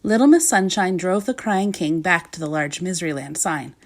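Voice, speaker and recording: A woman's voice: on the low side, expressive, moderate pace. Woman reading a storybook with sing-song lilt. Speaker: storybook reader.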